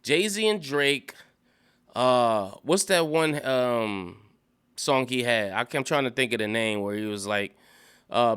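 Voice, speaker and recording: Rambling man musing aloud, smooth voice. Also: medium pitch, lively intonation, slow pace, fairly bright tone. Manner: rambling, thinking aloud with many fillers. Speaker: commentator. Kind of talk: casual solo commentary.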